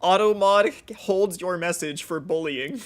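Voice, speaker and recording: A man's voice: high voice, a little slow, background noise. A young man streaming a co-op game, bantering and joking with friends and chat. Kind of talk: casual gaming stream chat.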